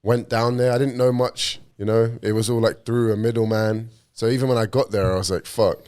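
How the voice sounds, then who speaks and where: A man's voice: medium pitch, steady tone, brisk, darkish tone, clean tone. A man from London, a professional fighter, telling stories in casual podcast chat, swearing freely and calling people bro. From London, England. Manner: sweary, storytelling, says bro a lot. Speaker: podcast guest, MMA fighter.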